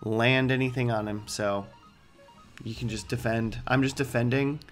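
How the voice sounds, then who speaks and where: A man's voice: medium pitch, steady tone, normal speed, soft background music. A man hosting a let's play, giving casual gameplay commentary with joking, rambling asides.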